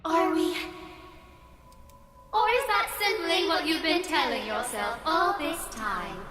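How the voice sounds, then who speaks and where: A woman's voice: high voice, expressive, voice pushed up. A woman voicing a taunting female monster that mimics a friend's voice, mocking and cruel. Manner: mocking, cruel, drawn-out sneering. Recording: echoey hall, from far off, music behind.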